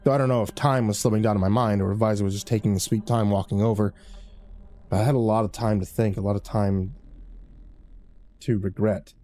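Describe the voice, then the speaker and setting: A man narrating a first-person horror story in a measured, grim way. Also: lowish voice, fairly even intonation, mellow.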